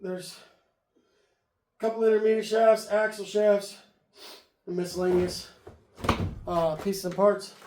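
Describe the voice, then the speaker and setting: Out in the cold, a man unloads a trailer of car parts and narrates casually while he works, out of breath with breathy pauses as he lifts and hauls. His voice is high-pitched, level, and mellow. The distant camera audio is echoey with clear noise.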